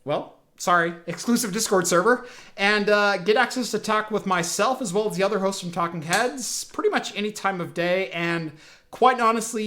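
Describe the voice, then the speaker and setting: High bright-voiced male podcast host. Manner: rambling storyteller with many fillers and restarts. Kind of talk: casual tech podcast chat. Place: home, broadcasting remote.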